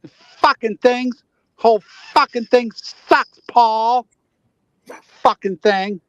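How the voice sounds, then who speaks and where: A man's voice: very high voice, slow, a bit bright, no echo, muffled recording, exaggerated voice. A man voicing a furious, swearing driver stuck in traffic as a comic impression during a livestream chat. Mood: ranting. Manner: ranting, profane, repeats a name.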